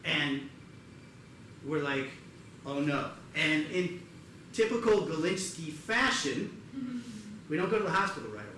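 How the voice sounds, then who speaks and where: On a theater stage before a live audience, a comedian performs a one-person storytelling show, animated and bursting loudly into other people's voices. His voice is a little high and unhurried, with frequent pauses. The theater sounds echoey, with audience ambience and a little hiss or hum.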